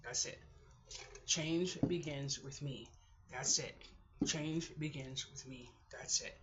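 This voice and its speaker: A middle-aged woman talks to herself in a video diary, slow and halting, often sinking toward a whisper as she fights back tears. Her voice has a bright edge. The audio is dull and lo-fi, with a faint hum of room noise behind her. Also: very deep voice. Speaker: vlogger.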